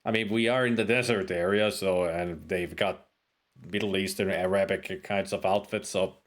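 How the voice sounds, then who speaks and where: A man's voice: low-pitched, steady tone, moderate pace. A man giving casual gameplay commentary as a streamer, with joking, self-deprecating asides. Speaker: let's play streamer.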